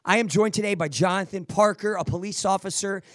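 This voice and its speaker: A man with a fairly high voice delivers motivational advice as a podcast host, energetic and preachy. He often stumbles back over his words as he pushes his point, and the recording is dry and close. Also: a little fast, no room sound. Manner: energetic, preachy, repeats words while restarting. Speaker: podcast host answering listener questions.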